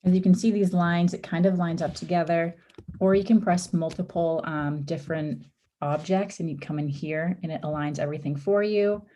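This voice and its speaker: A woman's voice: lowish voice, fairly even intonation, moderate pace, dark tone. Woman teaching, losing her voice. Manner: casual, step-by-step, with frequent ums and oopses. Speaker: workshop instructor. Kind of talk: live screen-share design tutorial.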